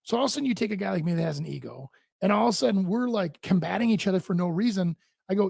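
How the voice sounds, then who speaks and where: A Minnesota real estate agent co-hosting a studio radio show tells deal stories bluntly and animatedly in casual chat, acting out both sides of each conversation. His high voice moves very fast with vocal fry, and there's no room sound.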